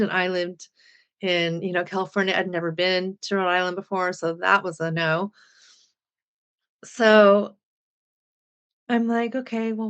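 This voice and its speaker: A woman's voice: medium pitch, fairly bright tone, clean tone. A woman in her sixties, a podcast guest animatedly recounting a personal story and acting out remembered dialogue. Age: 60s.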